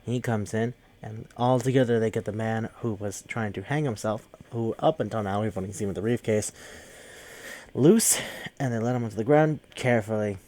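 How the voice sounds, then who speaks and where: A man's voice: on the low side, moderate pace, warm tone. A man casually recapping a movie, rambling and swearing with lots of fillers. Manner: rambling, profane, full of fillers. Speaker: podcast host.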